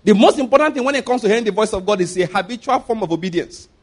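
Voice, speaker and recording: Preacher guy, pretty high voice, animated, laughs a lot, does little voices. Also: racing, husky. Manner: lively, laughing often, acts out quoted voices. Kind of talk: sermon.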